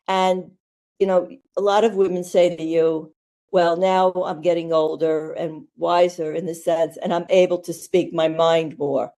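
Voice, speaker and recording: A woman's voice: on the low side, mellow. A woman, a nurse talking candidly as a podcast guest, blunt and rambling with fillers. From United States. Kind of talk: candid conversational storytelling.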